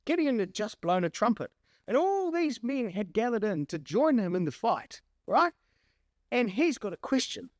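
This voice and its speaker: Animated male preacher, very lively pitch. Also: dry recording, studio quality. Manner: animated, emphatic, acts out quoted lines. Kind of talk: sermon.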